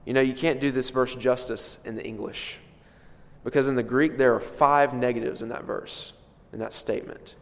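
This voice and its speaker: A man preaching an expository sermon with emphatic delivery, rising for stress and dropping low for quiet points. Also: fairly even intonation, moderate pace. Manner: emphatic, swells and drops in loudness for stress. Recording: long reverb of a large hall.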